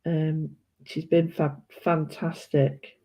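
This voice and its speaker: A woman's voice: low voice, little pitch movement, slow, creaky, dark tone. A British woman chatting casually and rambling while she colours, often correcting herself. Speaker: art vlogger. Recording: dull lo-fi sound.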